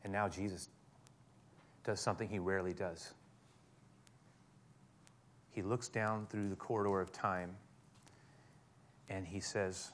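A man's voice: low-pitched, fairly even intonation, measured pace, long pauses, a little hiss or hum. A man preaching a sermon, emphatic and speaking straight to his listeners with frequent direct questions. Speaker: pastor.

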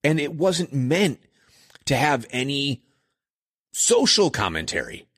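A man's voice: mid-range voice, huge pitch swings, slow pace, fairly bright tone, husky, no room sound, clean studio sound. A man in his forties hosting a podcast, talking through childhood memories in a rambling, casual way and laughing at his own slips. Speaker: podcast host. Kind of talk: casual nostalgic monologue.

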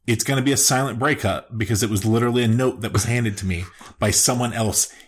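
A man's voice: mid-range voice, fast, husky. A man in his thirties co-hosting a podcast in casual chat, with a dry, self-deprecating manner. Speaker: podcast co-host.

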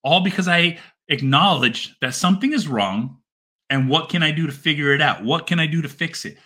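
A man's voice: fairly high pitch, moderate pace, sharp tone. A middle-aged man and father giving a candid personal monologue, blunt and heartfelt, swearing heavily and repeating phrases for emphasis. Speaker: father sharing his story.

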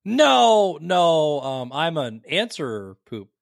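A man co-hosting a podcast in casual chat, excitable and cursing freely, his pitch jumping when he gets worked up. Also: moderate pace, no room sound. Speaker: podcast co-host.

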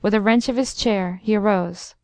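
A woman narrating a classic story in an even, expressive storytelling manner. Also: medium pitch, normal speed, no room sound. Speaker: audiobook narrator.

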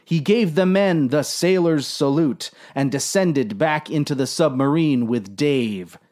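A man narrating a comic story in a dry, unhurried, deadpan way. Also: on the high side.

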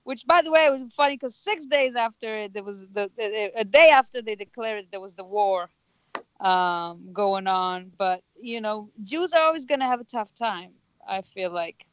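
A woman from Israel, a comedian guest on a radio show, chatting wryly with frequent laughs and halting restarts. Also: mid-range voice, lively intonation, no echo. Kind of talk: casual radio chat. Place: radio studio. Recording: dry, dull lo-fi radio studio sound.

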